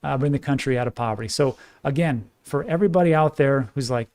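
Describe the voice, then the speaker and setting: A man's voice: medium pitch, fast, darkish tone. A man giving casual, enthusiastic cryptocurrency commentary and talking straight to his viewers. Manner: chatty, enthusiastic, talks to viewers directly. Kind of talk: casual market commentary to camera.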